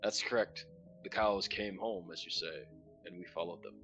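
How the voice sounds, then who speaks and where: A man's voice: low-pitched, normal speed, muffled recording, over music, pitched below the performer's own voice, natural voice. A man voicing a sinister, theatrical clown showman who calls himself a Duke of Hell, mocking and threatening. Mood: menacing.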